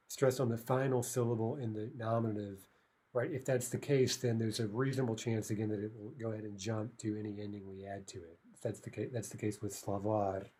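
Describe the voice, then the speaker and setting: Husky-voiced man teaching a language lesson. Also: mid-range voice, a little mellow. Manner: explanatory, frequent checking "right?" tags.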